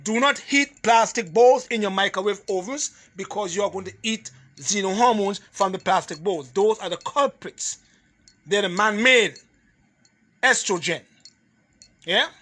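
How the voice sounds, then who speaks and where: Male holistic health lecturer, high bright voice, hammers points home in repeated lists, laughs between points. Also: unhurried. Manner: emphatic, repetitive, drills points in lists. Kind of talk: health lecture to a live audience.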